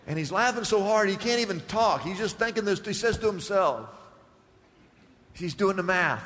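High-voiced animated preacher man. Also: brisk, big-room sound. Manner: animated preacher, acting out Bible scenes and reading scripture. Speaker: pastor. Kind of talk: sermon.

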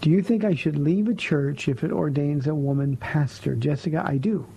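A pastor hosting a radio call-in show, a man with a somewhat high, gravelly voice and a warm, dark tone. He answers listener questions bluntly and firmly, speaking plainly from a studio. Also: normal speed, a little hiss or hum, poor audio.

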